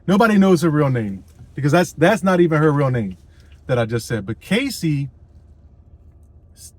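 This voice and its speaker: A man's voice: a little high, sing-song, normal speed, dry recording, poor audio. A man telling a personal story in a casual vlog, rambling and swearing, with lots of fillers and "you know what I mean.".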